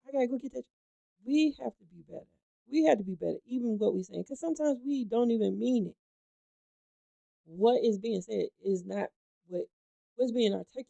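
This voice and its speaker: A woman's voice: mid-range voice, gravelly, dark tone, no room sound. A woman hosting a gossip talk show, chatting emphatically and speaking straight to her viewers. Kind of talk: animated gossip commentary.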